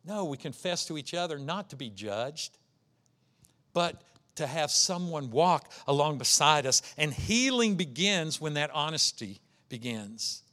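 A man's voice: on the high side, expressive, a little slow, bright, forceful tone. A man preaching an earnest sermon as pastor, acting out the voices he quotes.

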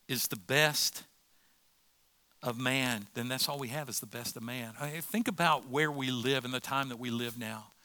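Bright-voiced preacher man. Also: medium pitch, no echo. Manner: conversational preaching with acted quotes and rhetorical questions. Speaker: pastor. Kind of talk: sermon.

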